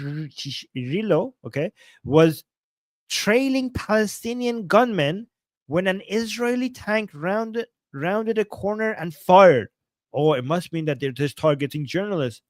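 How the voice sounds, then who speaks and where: A man's voice: high-pitched, no room sound, studio quality. A man hosting a casual political livestream, talking in a sarcastic, mocking way and swearing freely.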